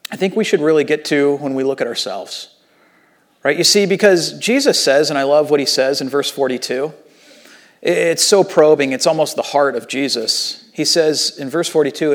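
A male pastor preaching a sermon in an animated, conversational way, swinging between loud emphasis and hushed passages. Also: fairly high pitch.

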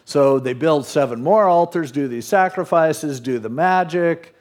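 A man's voice: a little high, a little slow, a little mellow. Man casually retelling a bible story. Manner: casual storytelling, retelling scripture in plain modern speech. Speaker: pastor. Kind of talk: sermon.

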